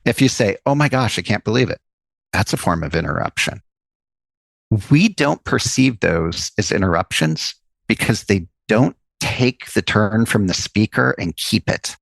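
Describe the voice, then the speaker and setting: A man talks through ideas as a podcast guest, laying out examples one after another. His voice is low and gravelly. The close, dry mic keeps the room out of the sound. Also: expressive, measured pace, a bit bright, no echo. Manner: explains ideas at length with examples. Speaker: psychologist and author, podcast guest. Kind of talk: interview conversation.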